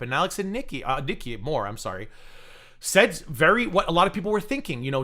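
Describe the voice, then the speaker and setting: Animated, bright-voiced man gossiping sarcastically. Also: on the high side, quick pace. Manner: sarcastic, mocking asides. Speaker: livestream host. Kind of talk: casual drama commentary.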